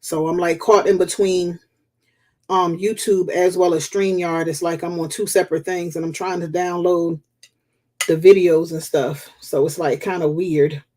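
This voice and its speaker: A woman's voice: lowish voice, little pitch movement, normal speed, warm tone. Candid woman hosting a live stream. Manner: open and candid, loose and conversational. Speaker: host. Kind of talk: casual live-stream talk.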